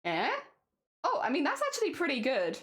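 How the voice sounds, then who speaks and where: A woman's voice: sits high, wildly swooping pitch, brisk, a bit bright. A woman streamer chatting casually and giggling as she talks to her viewers. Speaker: craft streamer. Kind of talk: casual live-stream chat. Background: music playing.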